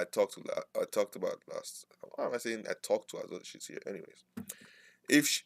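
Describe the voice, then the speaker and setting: Man, casual rambling talk, self-correcting, mid pitch, dry close sound. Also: dry recording. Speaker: trading streamer.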